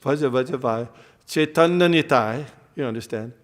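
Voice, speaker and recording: Male lecturer, mid pitch, teaching a temple class. Explains terms, quizzes the room. Long hall reverb. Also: moderate pace. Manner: explains terms, quizzes the audience, frequent fillers and restarts.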